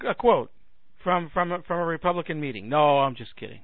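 Sarcastic talk host, man, high voice, phone-thin dry audio. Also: animated, a little fast, no room sound, narrow, tinny audio. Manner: sarcastic ranting with mocking put-on voices. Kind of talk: comedic monologue.

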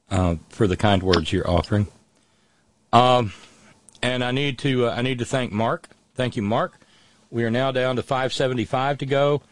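A middle-aged man hosting a live show, talking haltingly with many restarts in a calm, consoling way. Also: medium pitch, no room sound. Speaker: host. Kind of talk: emotional live show talk.

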